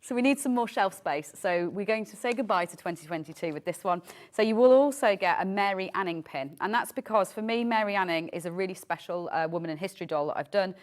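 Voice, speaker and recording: A woman's voice: medium pitch, quick pace, few pauses. A woman designer chatting on a TV shopping show, explaining her products in a hesitant, self-deprecating way. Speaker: craft designer guest.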